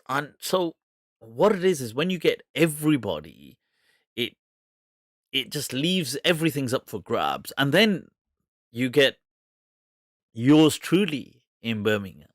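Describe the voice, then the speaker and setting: A British man hosts a live question-and-answer stream in a loose, rambling way, breaking into laughter again and again. His voice sits at a middle pitch. His accent is hard to place, and the sound is dry, with no room echo. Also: sing-song, a little slow. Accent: mixed British English, hard to place. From England. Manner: chatty, laughs often, rambling asides. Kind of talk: casual live Q&A chat.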